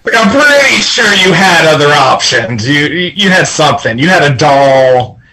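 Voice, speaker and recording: A man's voice: on the high side, big pitch swings, normal speed, a crowd in the background, poor audio. A man in a casual podcast chat who stammers and repeats his words.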